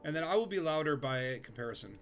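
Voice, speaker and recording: A man's voice: a little high, animated, quick pace, fairly bright tone, faint music behind. A man streaming a space game from his home desk, chatting casually with friends, rambling and joking with lots of fillers. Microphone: desk microphone.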